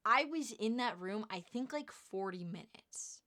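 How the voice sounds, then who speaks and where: Bright-voiced young woman telling a story. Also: medium pitch, measured pace. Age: young adult. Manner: animated, laughing, acts out quoted voices. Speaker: vlogger. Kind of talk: casual storytelling vlog.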